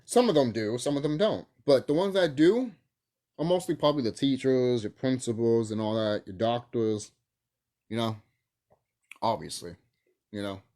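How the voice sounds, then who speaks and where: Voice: medium pitch, expressive, moderate pace, long pauses, dark tone. A young adult vlogger talking casually to camera in a profane, rambling rant full of fillers.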